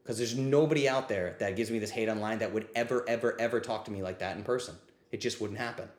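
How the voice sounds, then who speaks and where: Talking fast in a fairly low voice with a roomy sound, a man answers live questions on his livestreamed ask-me-anything. He rants bluntly and profanely with real passion, riled up to the point of saying he's getting heated.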